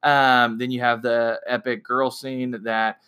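A young man excitedly recapping a film in a casual, rambling way, full of fillers and restarts. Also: mid-range voice, slow, clear, resonant tone. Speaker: movie reviewer.

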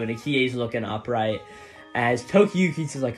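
Male reviewer, casual chapter recap, mid-pitched, loose and rambling, keeps tagging "right?", faint music under him. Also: lively intonation, normal speed. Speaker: manga reviewer.

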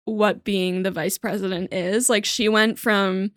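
Brief: woman podcast host, chatty and loose, filler-heavy, medium pitch, dry close sound. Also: steady tone, a little slow, a bit bright, no echo. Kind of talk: casual chat.

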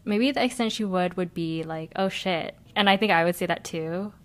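A young woman co-hosting a casual podcast, soft-spoken and hesitant, giggling often. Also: fairly low pitch, a little fast. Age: young adult. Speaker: podcast co-host.

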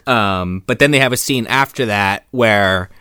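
A man on a podcast calmly walking through a movie's plot in casual chat. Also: fairly low pitch, measured pace, clear, resonant tone, dry recording. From Irish heritage. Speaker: podcast co-host.

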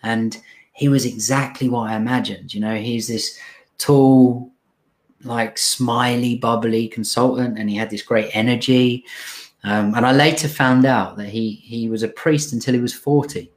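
A young adult man telling an emotional personal story in an earnest, halting way, with many restarts and fillers. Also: medium pitch, steady tone. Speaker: speaker telling his recovery story.

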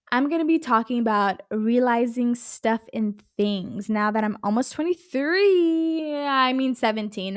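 A woman hosting her own podcast, talking casually in an animated, rambling way and swearing a lot. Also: a little high, no room sound, studio quality. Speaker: podcast host. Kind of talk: casual solo podcast chat.

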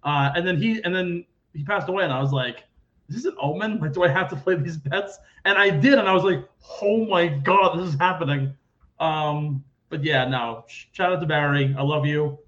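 A man hosting a casual sports podcast, talking in an animated, rambling way and acting out quoted people loudly. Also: fairly high pitch, moderate pace, lo-fi sound. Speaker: podcast host.

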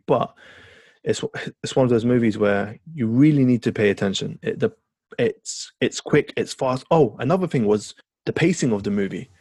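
A man's voice: on the low side, darkish tone, no room sound. A man co-hosting a podcast, chatting eagerly and rambling, swearing now and then. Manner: enthusiastic, rambling, swears casually. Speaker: podcast co-host. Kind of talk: casual chat.

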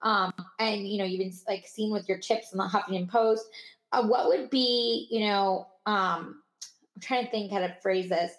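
A woman's voice: mid-range voice, steady tone. Hesitant young woman host in an echoey room. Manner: halting, searching for words, warm praise. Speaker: podcast co-host. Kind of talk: casual interview chat.

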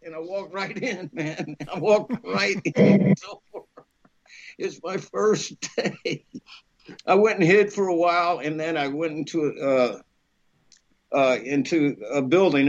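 A man, an actor guest, telling a lively anecdote, acting out voices and laughing often. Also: fairly high pitch, a little slow, muffled recording. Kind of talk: animated storytelling.

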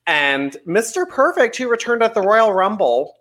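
Animated young man gossiping about wrestling. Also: high-pitched, moderate pace. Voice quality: playful, laughs often, acts out quotes. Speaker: podcast co-host. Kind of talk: casual chat.

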